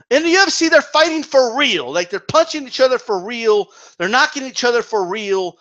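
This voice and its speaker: High, bright-voiced man ranting. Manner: exasperated, profane, repeats "okay?" and "right?". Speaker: wrestling commentary vlogger. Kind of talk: ranting opinion monologue.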